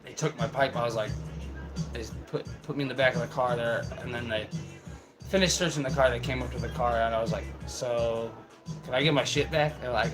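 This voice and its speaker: Young man, easygoing rambling storyteller, swears freely, chuckles a lot; clear music bed underneath. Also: mid-range voice, moderate pace, pauses often, low-quality recording. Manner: laid-back, profane, laughs through his stories. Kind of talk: casual storytelling. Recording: music playing in the background.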